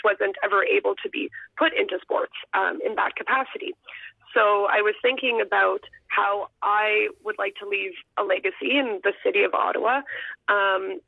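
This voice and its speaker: Phone-in guest: young woman, teacher, gravelly edge, heartfelt storytelling on a thin, dry phone line. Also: medium pitch, no room sound. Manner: earnest, heartfelt, sometimes choked up. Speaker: guest, elementary school teacher and runner.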